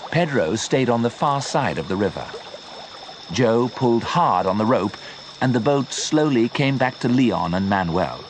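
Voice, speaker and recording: Man, slow clear narration, lively pitch, simple storybook reading for learners. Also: a little hiss or hum.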